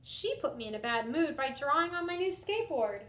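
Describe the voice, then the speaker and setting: A young adult woman, a teacher, reading a picture book aloud to children in an expressive first-person style. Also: high voice, fairly quick. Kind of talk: storybook read-aloud for children. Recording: roomy echo.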